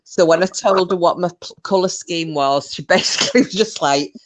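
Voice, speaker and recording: A woman's voice: fairly low pitch, moderate pace, rough recording. A woman hosting a casual livestream, telling gossip with lots of swearing and laughter. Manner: animated gossiping storyteller, swearing, laughing often. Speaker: livestream host.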